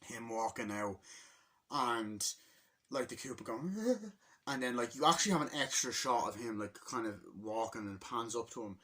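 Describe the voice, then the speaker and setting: A man's voice: medium pitch, normal speed, sharp tone. A man casually retelling a movie's opening scene by scene in a rambling, profane vlog review.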